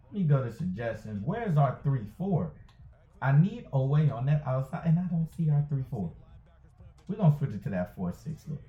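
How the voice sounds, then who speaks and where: A man giving excited play-by-play commentary over a football video game he is playing, hyping and groaning at each play and repeating his phrases. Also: a little high. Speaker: gaming YouTuber. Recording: tinny phone-like sound in an echoey room.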